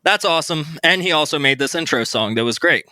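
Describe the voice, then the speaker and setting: A man hosting a podcast, chatting in an upbeat, giggly, excitable way over a remote recording. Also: fairly high pitch, a little fast, no echo. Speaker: podcast host. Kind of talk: casual chat.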